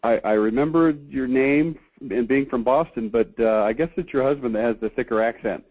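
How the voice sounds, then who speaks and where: A man hosting a casual conference call, chatty and halting, with many fillers. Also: mid-range voice, a little mellow, low-quality recording. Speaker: host of a marketing review call.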